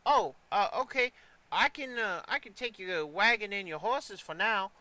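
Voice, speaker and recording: A man's voice: high voice, animated, moderate pace, bright, forceful tone, no room sound, pitched above the performer's own voice, full character voice. A man voicing a young stable groom in a tabletop game, eager and stammering. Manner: hesitant, stammering.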